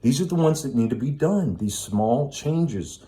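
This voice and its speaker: A man's voice: mid-range voice, expressive, a little slow, mellow. A middle-aged man speaking in a blunt, preachy self-help monologue, swearing often. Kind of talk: casual monologue.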